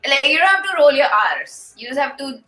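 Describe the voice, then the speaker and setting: A woman's voice: sits high, big pitch swings, brisk, sharp tone. A young woman from India with an Indian accent, a guest chatting casually and laughing easily on a podcast. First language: Marathi. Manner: laughing, easygoing. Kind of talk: casual chat.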